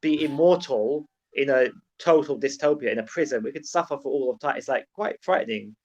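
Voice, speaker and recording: A man's voice: medium pitch, brisk. A man co-hosting a podcast, musing earnestly on philosophy with frequent restarts. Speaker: podcast co-host. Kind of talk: casual philosophical chat. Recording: dull lo-fi mic.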